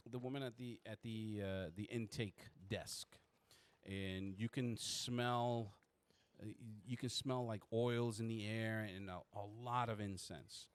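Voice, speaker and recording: A man narrating a tabletop game as game master, with many halting restarts. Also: on the low side, steady tone, smooth.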